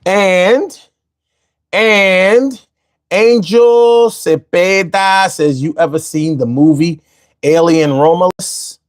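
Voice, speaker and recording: A man's voice: sits high, slow, dry recording. A man hosting a casual livestream, reading viewer comments aloud and bantering with them in slangy speech, close to the mic. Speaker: livestream host.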